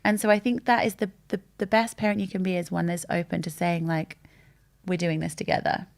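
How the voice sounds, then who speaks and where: A woman's voice: on the low side, a little fast, vocal fry. A woman in her thirties talking candidly and openly in a casual chat, telling stories with animation. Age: 30s. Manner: open, candid and animated storytelling. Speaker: guest.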